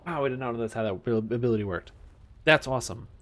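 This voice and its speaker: A young man streaming a game, chatting casually with his viewers, getting excited and swearing now and then. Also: mid-range voice. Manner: mimics characters in quick offhand voices. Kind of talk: casual gameplay commentary. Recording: faint music behind.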